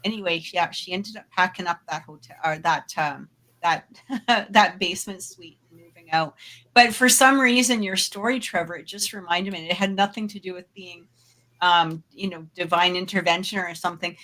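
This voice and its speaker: This co-host of a paranormal talk show has a fairly low, sharp-toned voice and a moderate pace. She tells a personal anecdote in a relaxed, chatty way, loaded with fillers and asides and punctuated by easy laughter.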